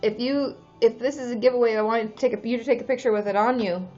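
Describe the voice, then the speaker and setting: A woman's voice: fairly high pitch, steady tone, quick pace, dark tone, lo-fi sound, faint music behind. Chatty woman therapist on a livestream. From Washington State. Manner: chatty, reads viewer names and comments aloud. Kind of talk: casual livestream chat.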